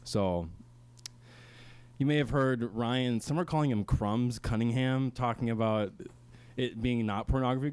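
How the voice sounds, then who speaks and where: A man's voice: mid-range voice, a little slow, a little mellow, clean tone, dry recording. A young man hosting a student radio talk show, playfully gloating and mock-boastful in a comedic style. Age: young adult. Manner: mock-boastful, playful, slips into silly voices. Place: student radio station studio.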